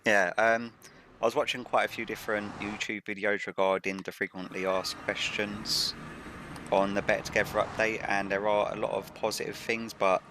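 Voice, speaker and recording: A man with a low, rough morning voice talks through his gameplay as a video game host. His delivery stays level and even, and he explains each step in a methodical, matter-of-fact way. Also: normal speed, noisy background. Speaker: Let's Play host. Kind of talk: gameplay commentary.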